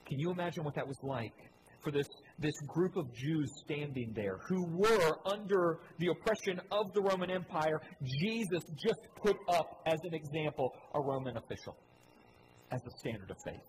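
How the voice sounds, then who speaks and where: A man preaching a sermon from slides, his voice sitting a little high for a man. He swings between loud, emphatic questions and low, quiet lines, and repeats key phrases for weight. A steady noisy wash of room sound sits under him. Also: moderate pace. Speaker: pastor.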